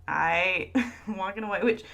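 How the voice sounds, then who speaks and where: A woman's voice: mid-range voice, unhurried, gravelly, a bit bright. A woman co-hosting a podcast, telling a story in a casual, chatty way and laughing often. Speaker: podcast co-host. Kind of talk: casual chat.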